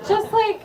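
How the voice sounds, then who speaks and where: A woman does a stand-up set at a small bar with a live audience, rambling, mocking herself, using lots of fillers and laughing at her own jokes. The recording is echoey and distant, with a loud crowd.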